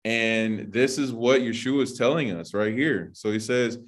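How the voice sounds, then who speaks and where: A man's voice: mid-range voice, unhurried. Guy giving a laid back sermon, talks all casual with lots of like and you know, regular middle voice. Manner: conversational, full of "like" and "you know". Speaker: Bible teacher. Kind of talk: informal sermon.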